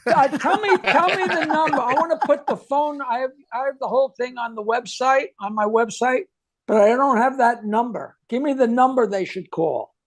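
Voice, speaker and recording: A male comedian telling jokes in a relaxed, animated way during a video-call chat. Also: very high-pitched, moderate pace.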